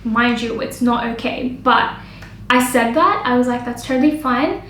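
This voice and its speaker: Young woman, makeup vlogger, animated storytelling, high voice. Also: normal speed, roomy sound, slight background noise, low-quality recording. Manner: animated, acts out both sides with frequent "like". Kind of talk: storytime vlog.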